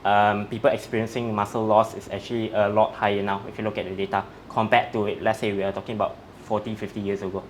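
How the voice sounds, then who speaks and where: A man's voice: on the low side, little pitch movement, quick pace, a little hiss or hum. A man, a strength coach, explaining in an interview in a methodical, step-by-step way. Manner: methodical, breaks facts down step by step.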